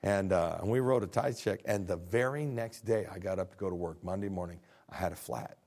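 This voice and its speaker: A middle-aged pastor preaches a sermon briskly and with animation. He acts out dialogues and swings between quiet, low lines and near shouts.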